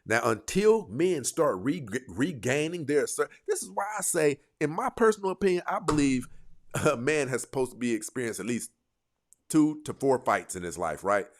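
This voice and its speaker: A man hosting a talk show, speaking in an emphatic, animated way in casual opinion talk. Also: mid-range voice, moderate pace. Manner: animated, emphatic, calls listeners bro. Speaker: podcast host.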